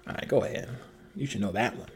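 A man co-hosting a podcast who reacts to stories in a playful, teasing way. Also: quick pace. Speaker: podcast co-host. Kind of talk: casual podcast chat.

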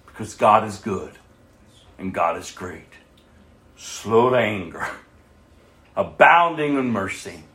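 A man preaching a sermon and reading scripture aloud, swinging between loud bursts and soft asides. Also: lowish voice, reverberant.

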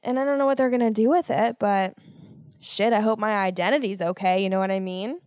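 A young American woman hosting a podcast, telling a story in a casual, animated way with lots of swearing and exasperated ranting. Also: medium pitch, a little fast, smooth, no echo, clean studio sound. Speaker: podcast host.

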